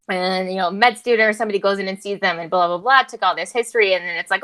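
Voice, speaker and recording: A woman's voice: mid-range voice, quick pace, few pauses. A woman co-hosting a casual chat, telling work stories with lots of laughter and acted-out quotes. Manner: animated storytelling, acts out quotes, laughs often. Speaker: podcast co-host, clinician.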